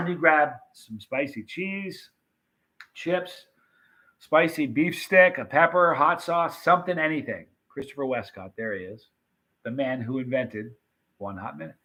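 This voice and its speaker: A man hosting a casual live stream, reading viewer comments and rambling excitedly about old movie scenes. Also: fairly high pitch, a little slow. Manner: chatty, rambling, animated retelling of movie scenes.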